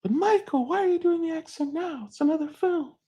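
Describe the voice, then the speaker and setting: A man putting on a high falsetto voice as an exasperated wife scolding her husband. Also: fairly quick, warm tone. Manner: shrill falsetto nagging.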